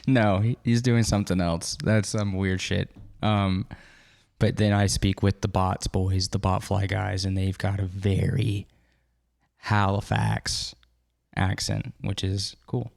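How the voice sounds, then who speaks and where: A man's voice: low-pitched, flat delivery, takes it slowly, creaky, darkish tone, no room sound. A man in his thirties hosting a podcast, chatting loosely and swearing now and then. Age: 30s. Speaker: podcast host. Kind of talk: casual chat.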